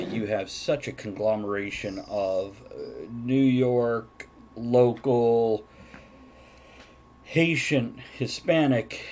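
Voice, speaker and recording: A man's voice: lowish voice, a little mellow. An American man hosting a casual live talk show, teasing and joking with his guests. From United States. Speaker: host. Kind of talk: casual chat.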